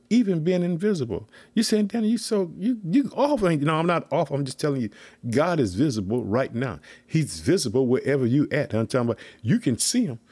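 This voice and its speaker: A preacher teaches scripture in an informal sermon, emphatic and repetitive, addressing his listeners as "family." His mid-range voice has a darkish, slightly rough tone, and the recording is dry.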